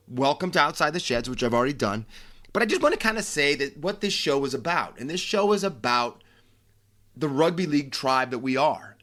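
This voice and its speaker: A man's voice: fairly high pitch, sharp tone. An American man hosting a solo sports podcast, talking casually with brash flair and frequent restarts. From United States. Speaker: podcast host.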